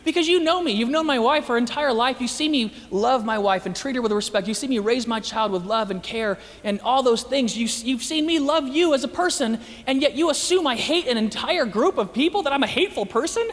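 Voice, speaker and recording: A high-voiced man speaks quickly and with lots of animation, joking with his listeners and slipping into the voices of the people he quotes. His talk carries the long reverb of a large hall. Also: a bit bright. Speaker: Christian speaker. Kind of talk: lively talk to an audience.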